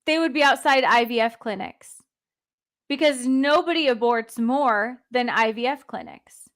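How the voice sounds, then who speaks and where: A blunt young woman speaking in a casual podcast chat. Her voice sits a little high, and her talk comes in quick bursts full of fillers. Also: a bit bright. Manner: blunt, talks fast in bursts with many "like" fillers. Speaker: nurse guest.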